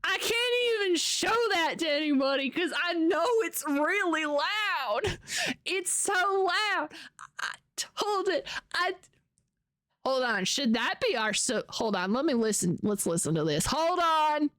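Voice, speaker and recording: A woman live-streaming a game from home, excitable and cheering loudly at her wins. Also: sits high, moderate pace, no room sound, clean studio sound. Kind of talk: live-stream gaming chat. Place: at home alone.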